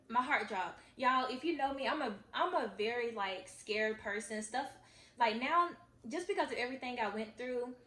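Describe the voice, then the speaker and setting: A woman's voice: fairly high pitch, a bit bright. A woman in her twenties, a vlogger telling a personal story in an earnest, confiding way and talking straight to her viewers. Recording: echoey room.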